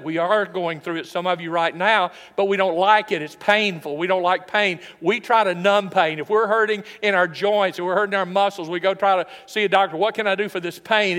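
An older man preaching a sermon as the pastor, emphatic and rising for stress, then dropping to hushed asides. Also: high voice, big-room sound. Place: church sanctuary.

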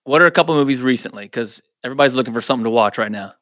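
A man hosting a church interview podcast, asking questions in a quick, upbeat way. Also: mid-range voice, sharp tone, dry recording, clean studio sound. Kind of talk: casual interview.

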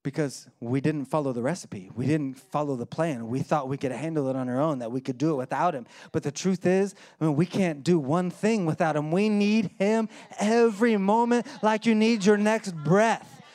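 A pastor, likely in his thirties or forties, preaching and telling a story, acting out voices and dropping low and quiet for serious points. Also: moderate pace, few pauses. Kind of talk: sermon with storytelling.

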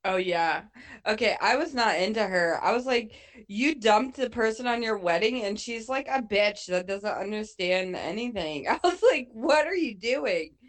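A woman's voice: medium pitch, normal speed. Woman ranting thru a movie recap, lots of swearing, voice jumps up and down a ton. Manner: animated, swears a lot, acts out her reactions. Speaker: co-host. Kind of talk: casual movie recap chat.

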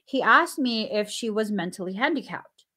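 A woman, a stay-at-home mom, telling anecdotes in casual talk, animated and laughing often, acting out the dialogue she quotes. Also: moderate pace. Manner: acts out dialogue with sudden pitch jumps.

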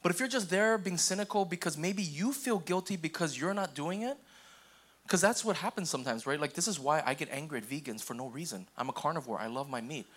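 A young man preaching a sermon in an easygoing, conversational way, often checking in with the congregation and acting out quick voices. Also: on the high side, a bit bright. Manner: casual, repeats okay and restarts, acts out quoted voices. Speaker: pastor.

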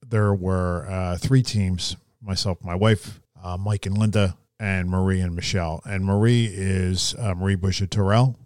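A man hosting a podcast, talking in a relaxed way with many fillers. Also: low-pitched, a little slow, hardly any pauses, dry recording, studio quality. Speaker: podcast host. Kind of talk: casual podcast chat.

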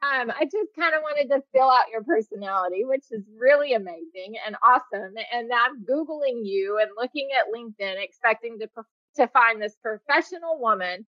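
A woman's voice: fairly high pitch, normal speed, no room sound, muffled recording. A woman hosting a podcast, chatting casually with her guest and laughing often. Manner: laughs often, animated and teasing. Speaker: podcast host. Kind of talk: casual interview chat.

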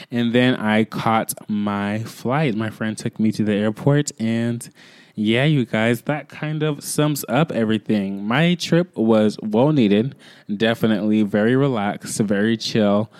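Chatty young man, low dry voice. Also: a little mellow, clean tone, no echo. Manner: chatty and rambling, quick bursts, frequent "like" fillers. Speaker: podcast host. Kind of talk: casual storytelling monologue.

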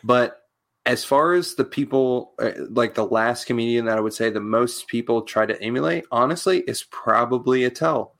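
A man's voice: medium pitch, normal speed, gravelly, a bit bright. A man, a comedian guest, chatting casually in a loose, laid-back way, full of fillers. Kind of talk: casual chat.

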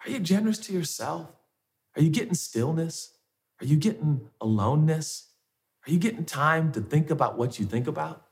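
A man's voice: on the high side, lively intonation, moderate pace, gravelly. A male pastor preaching a conversational sermon, firing off repeated rhetorical questions.

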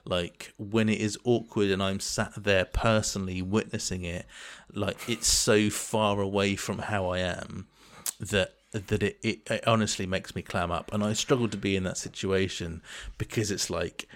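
A man's voice: lowish voice, steady tone, normal speed, hardly any pauses. A man in casual chat as a co-host, talking earnestly in long, searching sentences. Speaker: podcast co-host.

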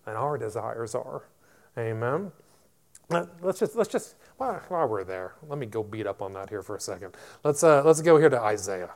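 A man's voice: mid-range voice, darkish tone. A male pastor preaching a sermon to his church, building to emphatic declarations and repeating words as he goes.

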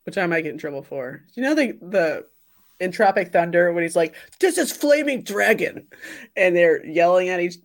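A woman's voice: lowish voice, a little fast. A woman co-hosting a casual chat, teasing and giggling as she talks.

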